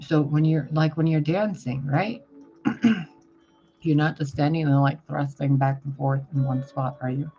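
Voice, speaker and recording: A man's voice: fairly high pitch, fairly even intonation, unhurried. A man giving casual spiritual advice as a tarot reader, talking bluntly and swearing freely. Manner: blunt, profane, chatty. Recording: dull lo-fi sound with loud music. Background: music.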